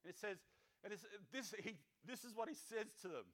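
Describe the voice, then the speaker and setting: A male pastor delivering a sermon with a high, bright voice. He reads scripture, then slips into casual, jokey asides and acts out the voices in the story. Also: brisk.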